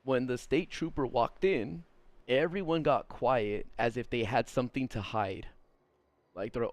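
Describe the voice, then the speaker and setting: Streamer guy, mid-pitch, rambling and exasperated, cussing through a rant. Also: normal speed, no room sound. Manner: exasperated, rambling, swears, laughs at what he reads. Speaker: streamer reading viewer stories. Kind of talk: casual live-stream commentary.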